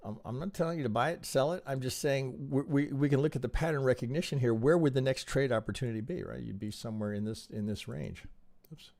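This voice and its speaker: A man reviewing trading charts on a live stream, talking in an animated, rhetorical way with frequent restarts and tag questions. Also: mid-range voice, quick pace, vocal fry.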